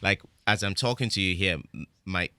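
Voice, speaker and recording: A man's voice: deep voice, fairly quick, sharp tone, clean tone, no echo. A middle-aged man with a British accent, talking reflectively as a guest in a casual interview, often restarting his sentences. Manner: reflective, with frequent restarts and "you know". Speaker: guest actor.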